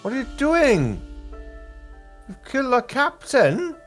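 A man's voice: extremely high pitch, huge pitch swings, takes it slowly, soft background music, voice pushed up, exaggerated voice. A man voicing an angry soldier who accuses the group. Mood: outraged. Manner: indignant, accusing. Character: angry male soldier at a farmhouse.

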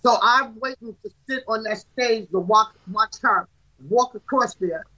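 A woman's voice: a little high, unhurried, pushed and bright, poor audio. A middle-aged woman, an artist manager and guest, talking in an emphatic way and repeating herself for stress in a casual podcast studio chat.

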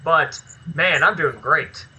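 Bright, high-voiced candid male guest. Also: takes it slowly, a little hiss or hum, rough recording. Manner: candid, swears freely, chatty. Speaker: podcast guest, filmmaker and actor. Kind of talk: casual podcast interview.

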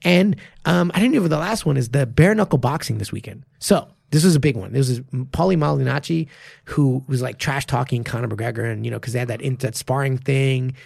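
This martial arts coach and podcast co-host has a mid-range, creaky voice, captured in a dry, studio-quality recording. He chats casually and with animation, swearing freely and breaking into quick bursts of enthusiasm.

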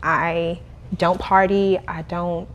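A young adult woman, a podcast guest who runs a cleaning business, telling her story in a casual, animated way with frequent laughter. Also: on the low side, takes it slowly, highs cut off, slight background noise. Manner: animated, laughing, acts out quoted voices.

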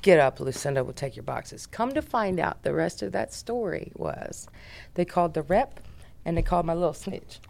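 An American woman, a business founder, telling a story as a podcast guest in a brash, profane, animated way. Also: on the low side, moderate pace, creaky.

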